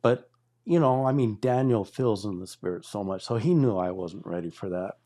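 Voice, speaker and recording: A man's voice: lowish voice, normal speed, mellow. A man in his sixties telling his testimony as a guest in a casual, rambling storytelling way. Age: 60s. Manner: rambling storyteller who acts out quoted dialogue.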